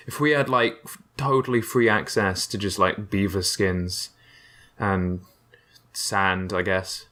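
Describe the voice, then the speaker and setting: Young male host, sharp bright tone, deadpan sarcastic history recap with lots of ums. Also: on the low side, takes it slowly. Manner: rambling, sarcastic, many fillers and restarts. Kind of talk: casual comedic history explainer.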